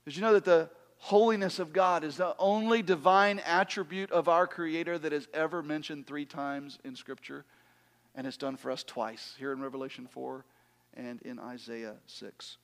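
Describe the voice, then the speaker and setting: A man with a notably high voice preaches a sermon. He builds to loud, ringing emphasis, then lets phrases sink to a near-whisper, slowing down on repeated words. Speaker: pastor.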